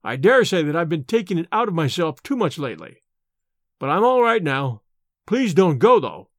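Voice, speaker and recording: A man's voice: fairly high pitch, very animated, normal speed, a bit bright, no echo, clean studio sound. A man reading an audiobook and voicing a shaken, secretive male scholar who speaks in a faltering, breathless way. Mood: evasive. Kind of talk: audiobook character voice.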